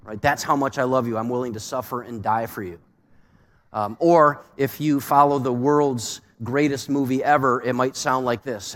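A man's voice: mid-range voice, steady tone, moderate pace, a bit bright. Man, pastor preaching, rhetorical questions, long hall reverb. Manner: asks rhetorical questions, varied emphasis. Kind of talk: sermon.

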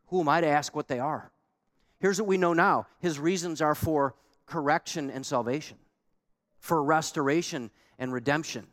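A man with a slightly higher voice delivers a sermon from the pulpit. He is emphatic and repeats key lines for weight. He switches between quick runs and slow, deliberate stresses. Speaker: pastor.

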